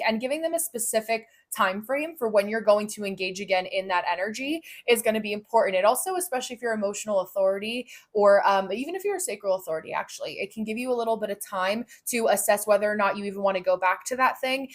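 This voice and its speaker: A young woman hosting a relaxed astrology explainer. She talks in a loose, chatty way with lots of "like" and "right?", and slips into little acted voices when she quotes people. Her pitch sits in the middle of the usual range. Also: fast talker, few pauses. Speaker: astrology and Human Design host. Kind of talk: casual spoken explainer.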